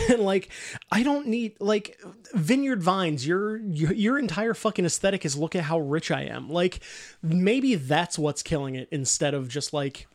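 Podcast co-host, man, a little high-pitched, sarcastic and sweary, dry close mic. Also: lively intonation, a little slow, dry recording. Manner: sarcastic, profane, laughing often. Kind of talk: casual chat.

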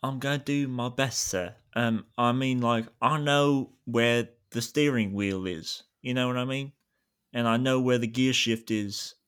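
A man's voice: mid-range voice, fairly even intonation, unhurried, a bit bright, clear, resonant tone, lightly acted. A man voicing a nervous young valet driver with a put-on Cockney accent, hesitant and stammering in an improvised comedy scene. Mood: bumbling.

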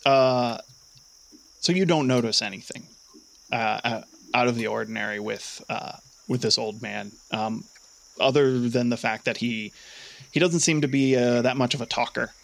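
A young man running a tabletop game as game master, narrating with many pauses and fillers. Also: mid-range voice, vocal fry. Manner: hesitant, many fillers, laughs often.

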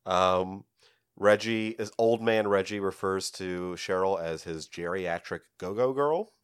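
A man co-hosting a casual podcast chat, animated and giggly, filling gaps with ums. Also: deep voice, measured pace, clear, resonant tone, dry recording, studio quality. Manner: animated, giggly, trails off with filler words. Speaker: podcast co-host. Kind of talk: casual chat about comics.

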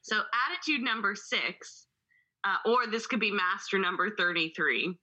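A woman co-hosting a podcast in loose, casual chat, swearing and laughing easily. Her voice is breathy and husky with a very bright, forward tone. The recording sounds a little dull and lo-fi. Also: mid-range voice, lively intonation, normal speed. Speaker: podcast co-host.

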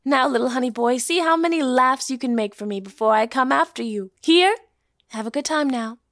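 A woman's voice: high-pitched, fairly quick, a bit bright, no room sound, studio quality. A woman voicing a tender young woman who cares for a small boy, emotional and at times whispering, in an audio play reading. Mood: coaxing.

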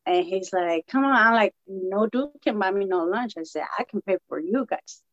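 Recorded in lo-fi sound with no room ambience, a guest with a Latina American English accent chats with a podcast host about meeting her husband. Her mid-range voice moves at a normal speed as she animatedly performs each quoted line.

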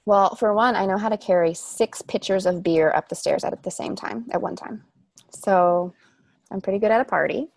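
A woman's voice: medium pitch, normal speed, vocal fry, no echo. A young woman who performs on stage, talking casually in an interview, chatty and self-deprecating with many restarts.

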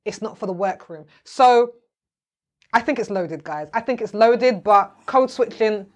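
A woman in a casual group discussion, talking in an animated, emphatic way. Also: mid-range voice, unhurried.

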